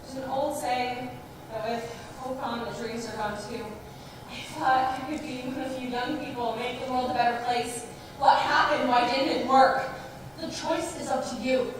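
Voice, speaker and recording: Stage actor: young woman as an exasperated young woman, high voice, echoey hall miked from far. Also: steady tone, normal speed, background noise, lightly acted. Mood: earnest. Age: young adult. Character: defensive young woman who feels manipulated. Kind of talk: live theatre performance. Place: theatre stage.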